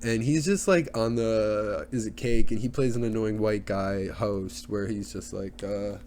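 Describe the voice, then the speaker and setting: A man's voice: lowish voice, a little slow, a little mellow. Rambling young man with faint noise. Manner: rambling, crude, with many fillers and put-on voices. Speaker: podcaster. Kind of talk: casual solo podcast rant.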